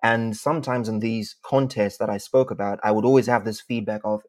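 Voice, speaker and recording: Guy from zimbabwe, lowish voice, careful articulate storytelling on a podcast. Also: darkish tone. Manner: measured, articulate, formal phrasing. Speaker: guest, speech contest champion. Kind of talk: storytelling interview answers.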